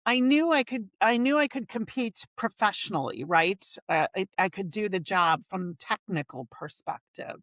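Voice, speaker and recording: A woman's voice: mid-range voice, animated, normal speed, few pauses, fairly bright tone, dry recording. A woman in her forties, a finance executive guest, telling workplace stories in a frank, emphatic way and acting out quotes. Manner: frank, emphatic storyteller who acts out quotes. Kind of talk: casual conversational interview.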